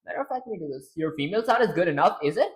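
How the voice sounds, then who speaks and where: A young man talking casually on a live stream, rambling aloud and clearing his strained throat often. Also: sits high, animated, very fast, low-quality recording. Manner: rambling, self-commenting, frequent throat-clearing.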